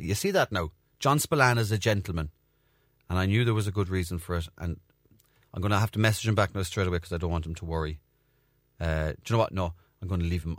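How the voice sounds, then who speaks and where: Guy in his thirties, low voice, swears a lot, laughs at himself, dry close mic. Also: fast, no room sound. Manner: sweary, self-mocking storytelling. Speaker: podcast host. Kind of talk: casual solo monologue.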